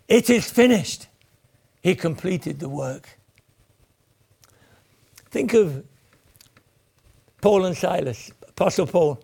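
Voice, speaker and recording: A man's voice: on the high side, vocal fry, a little mellow, breathy edge. A man preaching a sermon in an earnest voice that swells and then sinks almost to a whisper. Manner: earnest, rises and falls, drops to near whispers.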